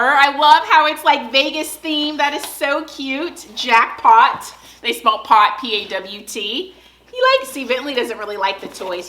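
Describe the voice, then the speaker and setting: A woman's voice: a little high, pushed and bright, slight background noise. A young woman vlogging at home, chatting casually in an upbeat way as she narrates her pantry clean-out and opens a box of dog toys. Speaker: lifestyle vlogger.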